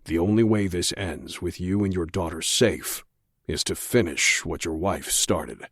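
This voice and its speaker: A man narrating an audiobook voices a cold, controlled male federal agent who speaks slowly and quietly threatens. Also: husky, no echo, studio quality, heavily acted. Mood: cold, insistent. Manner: slow, low, quietly threatening.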